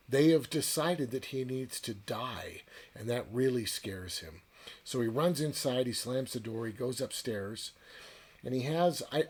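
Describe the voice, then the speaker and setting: A man's voice: mid-range voice, slightly rough. A man casually retelling a short story's plot as a book reviewer, in a loose, chatty way. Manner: loose, chatty retelling with fillers like "right?" and "kinda".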